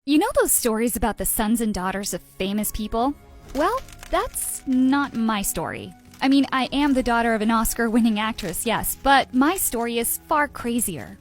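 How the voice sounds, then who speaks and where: A woman telling a first-person storytime tale in an even, measured way. Her voice sits somewhat high. Soft music runs underneath. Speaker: narrator. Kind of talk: storytime narration. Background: background music.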